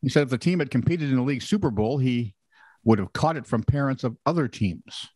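A man's voice: medium pitch, animated, fairly quick, a little mellow, slightly rough, dry recording. A man co-hosting a casual comedic news podcast, reading odd stories and adding sarcastic jokes. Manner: wry, sarcastic joking. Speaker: podcast co-host.

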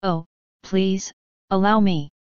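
A woman's voice: mid-range voice, steady tone, slow pace, darkish tone, clean tone, no room sound, lo-fi sound, natural voice. A woman voicing a mischievous, snooty male chaos spirit in a storybook reading, with a sneering manner.

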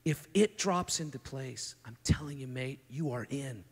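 A man's voice: medium pitch, a little slow, breathy edge. A man preaching a sermon at a conference, talking in a conversational way with many restarts and acting out the people in the story. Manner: animated, acts out the speakers in the story. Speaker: conference speaker. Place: conference hall. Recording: long hall reverb.

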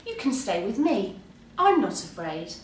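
A woman voicing a kindly duck in a storybook reading, polite and brisk. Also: medium pitch, very animated, a little hiss or hum. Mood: reassuring. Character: kindly duck, calm then scared. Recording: roomy, distant mic.

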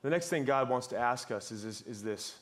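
A man's voice: mid-range voice, lively intonation, a little fast. A man in his thirties preaching a sermon in a conversational way, often repeating words as he goes. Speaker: pastor. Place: church.

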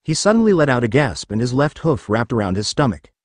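A man narrating a fan story, his voice swinging lively up and down as he reads. His pitch sits in an ordinary middle range. The recording is dry and close, with no room sound. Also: fairly quick, no echo. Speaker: story reader.

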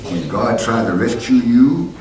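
Pastor preaching loud then dropping low, very lively pitch, roomy church sound. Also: male voice, measured pace. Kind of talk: sermon. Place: church sanctuary. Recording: echoey church heard from a distance with noise.

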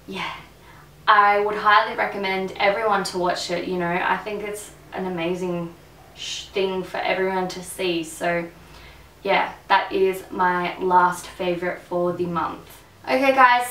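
A woman's voice: mid-range voice, a bit bright, a little hiss or hum. A woman, chatting candidly to camera as a beauty vlogger and swearing freely. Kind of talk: casual to-camera chat. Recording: echoey room, mic a bit distant.

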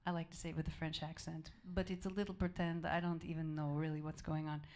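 A woman jazz singer in relaxed, chatty stage banter between songs at a small club, speaking softly with easy fillers and asides. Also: low voice, fast talker. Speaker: jazz vocalist leading a band. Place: small live music club, indoors. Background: jazz band instruments.

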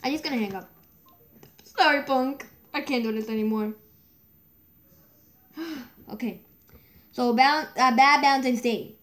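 A woman's voice: high-pitched, unhurried, long pauses, fairly bright tone. A woman giving a chatty, easily exasperated running commentary as she plays a game and records a video on her phone. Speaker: gaming video creator. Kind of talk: casual running commentary while gaming. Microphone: phone microphone.

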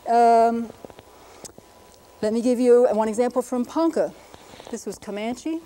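A woman's voice: a little high, measured pace, long pauses, mellow, a little hiss or hum, rough recording. A middle-aged woman, a linguist, giving an educational lecture, patiently explaining and carefully demonstrating pronunciations. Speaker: linguist presenter.

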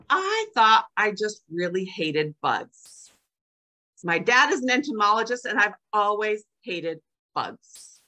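Expressive older woman giving a slow, lively speech. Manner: expressive, acts out quoted lines with big pitch jumps. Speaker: club speaker. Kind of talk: prepared speech reciting her own poems.

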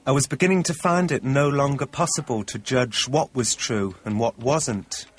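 A man narrating a documentary in the first person, in a wry, measured way. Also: mid-range voice, breathy edge.

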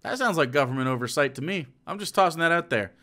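Man streamer, sarcastic rant, bright tense voice, very lively pitch. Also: fast talker. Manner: sarcastic, profane, ranting. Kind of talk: live-stream commentary rant.

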